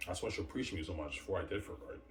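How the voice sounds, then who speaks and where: Low voiced guy bragging, rambling on, echoey room, faint hum behind. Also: racing. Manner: boastful and rambling, many "man" and "yeah" fillers. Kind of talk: rambling boastful monologue. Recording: roomy distant mic with faint ambience.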